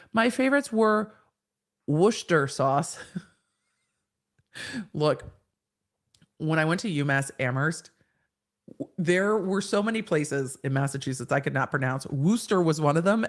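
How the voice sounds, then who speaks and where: A woman with a slightly low voice hosts a casual live stream. She reads viewers' comments aloud and answers each one in a chatty, frank way. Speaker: host answering live chat questions.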